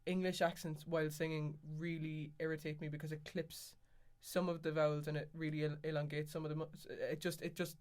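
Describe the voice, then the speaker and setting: A woman's voice: low-pitched, little pitch movement, fairly quick, few pauses, a little mellow. Cork-accented woman chatting loosely. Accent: Cork Irish. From Galway, Ireland. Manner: rambling, restarts often, swears freely. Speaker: podcast co-host. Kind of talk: casual chat.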